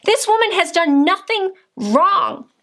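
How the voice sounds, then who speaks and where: A high-pitched woman speaks straight to camera in an angry political rant. She is indignant and combative, firing rhetorical questions and direct accusations. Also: big pitch swings, slow, pushed and bright. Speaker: political vlogger.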